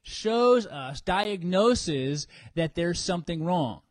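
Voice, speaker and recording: A man preaching a sermon in an animated way, acting out what people think in church. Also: high voice, slow, no room sound. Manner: animated, acts out congregants' inner voices. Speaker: pastor.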